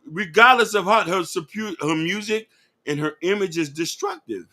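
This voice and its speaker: A man's voice: sits high, moderate pace, sharp tone. A man co-hosting a podcast in casual debate, preachy and insistent as he argues. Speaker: podcast co-host.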